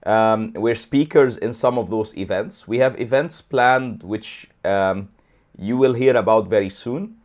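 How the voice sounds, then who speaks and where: A man co-hosting a casual livestream, talking in an animated, rambling way with many restarts, a throat lozenge in his mouth. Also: on the low side, a little slow. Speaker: co-host.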